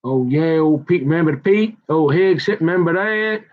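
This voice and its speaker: A man's voice: fairly high pitch, expressive, normal speed. A man telling a long rambling story in a slangy, digressive way, acting out the voices of the people in it. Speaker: show host. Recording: dull lo-fi audio.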